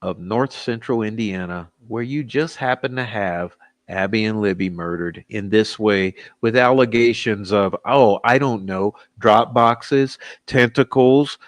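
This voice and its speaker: A man hosting a true-crime stream, talking in a sarcastic, excitable, rambling way with many fillers. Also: fairly low pitch, unhurried, dry recording. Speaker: true-crime channel host. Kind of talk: live-stream commentary.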